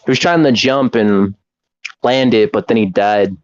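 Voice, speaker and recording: A young man co-hosting a casual podcast, joking around with deadpan, rambling humor. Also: on the low side, unhurried, muffled recording. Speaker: podcast co-host. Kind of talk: casual chat.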